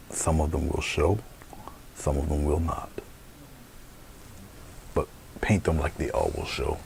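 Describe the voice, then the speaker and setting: Male painting instructor, bass register, gravelly; easygoing live demo patter. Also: a little hiss or hum. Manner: relaxed, chatty, thinking aloud.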